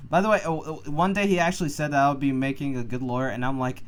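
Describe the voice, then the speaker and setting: A man co-hosting a podcast in casual chat, loud and profane, often breaking into laughter and big excited outbursts. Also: mid-range voice, rapid-fire, clean tone. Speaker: podcast co-host.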